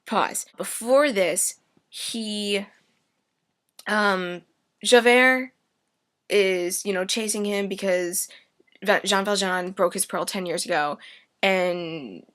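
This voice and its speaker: A young woman rambles through a comic story summary with sarcastic asides. Her voice is bright and forward, and she takes her time. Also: medium pitch, takes it slowly, long pauses.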